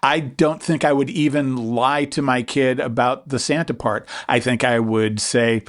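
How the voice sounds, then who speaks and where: A man with an ordinary mid-range voice chats on a podcast. He muses aloud in a relaxed way and slips in deadpan, wry jokes. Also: medium pitch, unhurried, few pauses. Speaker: podcast co-host. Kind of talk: casual chat.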